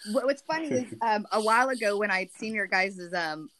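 A woman's voice: mid-range voice, a little fast, fairly bright tone. A woman, a podcast guest, chatting in a playful, teasing way. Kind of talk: casual chat.

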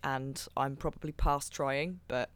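Player, laughs a lot, mid pitch, dry close sound. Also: unhurried, smooth, no echo. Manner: excitable, laughing.

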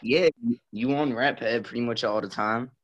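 A man's voice: medium pitch, normal speed, dull audio. A man as a podcast guest, bantering casually with a teasing, crude joking manner.

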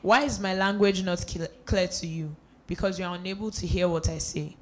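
Someone reading the bible out loud, even mid voice, trips on a word now and then, faint hum in the back. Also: mid-range voice, brisk. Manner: steady reading with small slips and restarts. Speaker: scripture reader. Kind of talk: reading scripture aloud.

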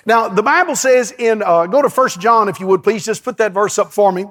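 Casting: preacher, high-pitched man, animated storytelling sermon with call-and-response. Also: fairly quick. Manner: lively, storytelling, calls to the congregation. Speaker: pastor. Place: church before a congregation.

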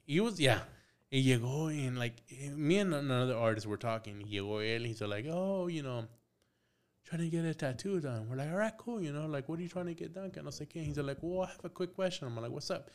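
A young tattoo artist on a podcast relays a story casually, acting out both speakers, swearing freely, and sprinkling in Spanish. His voice is fairly high and he talks fairly quickly.

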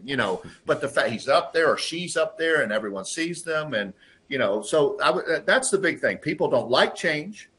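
A man in a conversational interview, telling workplace stories and acting out quotes in lively voices. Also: fairly high pitch, normal speed. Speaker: guest, lean process consultant and trainer.

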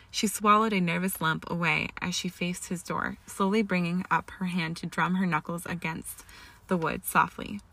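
Woman reading a story out loud, low-ish gravelly voice, dry close sound. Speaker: reader. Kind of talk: storybook narration of fan fiction.

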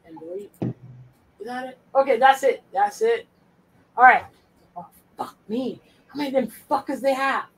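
In a casual podcast chat, a woman sorts files on screen, muttering to herself and talking bluntly with plenty of profanity. Her voice is high-pitched and husky, at a moderate pace with long pauses, and the recording is low quality.

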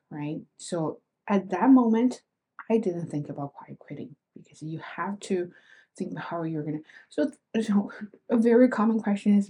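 Woman podcast host, solo casual monologue, fairly low pitch, mellow tone, reflective, rhetorical questions. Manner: reflective, asks rhetorical questions, often adds "right?".

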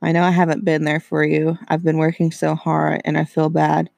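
Brief: a distraught mother, gravelly and bright-toned, pleading, read by a man. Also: a little high, completely flat delivery, moderate pace, no room sound, studio quality. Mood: remorseful. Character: worried middle-aged mother, frantic over her missing son.

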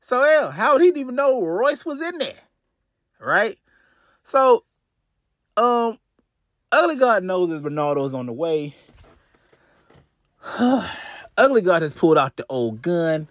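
A man's voice: sits high, sing-song, slow pace, long pauses, fairly bright tone, no room sound. A man hosting a podcast, retelling a crime story in a casual, profane way with lots of restarts and asides, on a close mic. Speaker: podcast host.

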